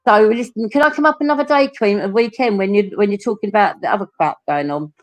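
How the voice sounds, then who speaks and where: A woman's voice: mid-range voice, fast talker. Essex woman, talkative panel guest, loose and laughing. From England. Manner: chatty, laughs often, swears casually. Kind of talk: casual livestream chat.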